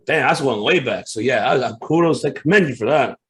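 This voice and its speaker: A man's voice: medium pitch, expressive, a little fast, a bit bright. A man co-hosting a casual wrestling podcast, easygoing and agreeable in his replies. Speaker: podcast co-host.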